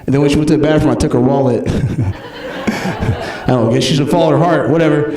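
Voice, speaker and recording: A man performing a stand-up comedy set, telling animated stories and acting out the people in them. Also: mid-range voice, a little fast. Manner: animated storytelling, acts out characters. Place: comedy club stage. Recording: echoey club from far off.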